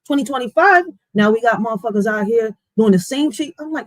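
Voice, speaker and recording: A woman with a fairly high voice rants bluntly on her livestream, swearing freely. Her talk is animated and heated. The sound is dry and close, with no room echo. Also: a little fast, hardly any pauses. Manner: blunt, profane, animated venting. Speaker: livestream host. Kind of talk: casual livestream rant.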